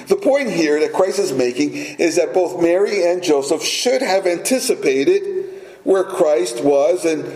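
Guy preaching, chatty, asks the crowd stuff, mellow voice kinda high, echoey room. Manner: conversational, asks the listeners questions. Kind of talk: sermon.

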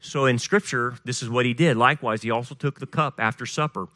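A pastor preaching a sermon, reading scripture aloud with rising, animated emphasis. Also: male voice, medium pitch, brisk, dry recording, studio quality. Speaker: pastor leading a Passover Seder service.

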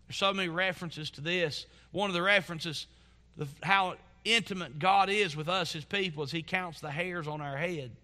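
In a church, a male pastor preaches at a normal speed with a voice pitched a little high. His tone is earnest and rises to fervent emphasis before falling away into quiet asides.

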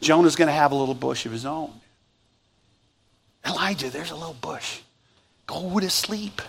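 A gentle, patient God, as a preacher puts him on. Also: male voice, fairly high pitch, moderate pace, vocal fry, slight background noise, voice pushed down. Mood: soothing. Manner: soothing, calm, quieter.

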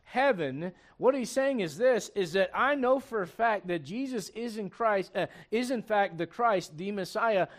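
A man preaching a sermon as pastor, with animated, loud emphasis and scripture read aloud. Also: sits high, unhurried, few pauses.

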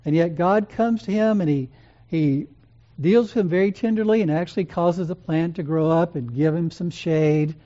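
An earnest preacher with a warm, mellow tone speaks in a gentle, measured way, pausing often. The recording sounds dull and lo-fi. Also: mid-range voice. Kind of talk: sermon.

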